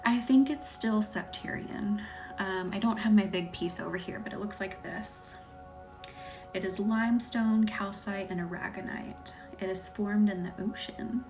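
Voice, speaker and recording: A woman from the American South with a light Southern accent, hosting a live Reiki stream. She chats with viewers and thanks them by name, and often drops into a soft whisper. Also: mid-range voice, measured pace, over music. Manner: chatty, laughs easily, thanks viewers by name. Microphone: phone or webcam on a live stream.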